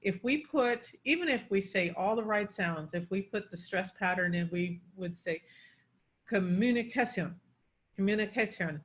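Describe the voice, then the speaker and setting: A woman's voice: mid-range voice, moderate pace, few pauses. A woman coaching pronunciation, explaining word stress and demonstrating it on example words.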